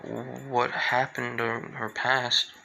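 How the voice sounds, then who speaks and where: A man's voice: medium pitch, flat delivery, gravelly, pushed and bright, a little hiss or hum, heavily acted, poor audio. A man reading as an emotional teenage girl. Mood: worried. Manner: halting, with frequent restarts. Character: emotional teenage girl, tender and easily shocked.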